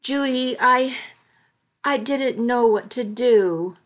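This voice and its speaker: A woman's voice: on the high side, pitched above the performer's own voice. A woman voicing a frightened teenage girl who sobs and stammers her words. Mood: tearful. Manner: sobbing, halting, stammering pleas.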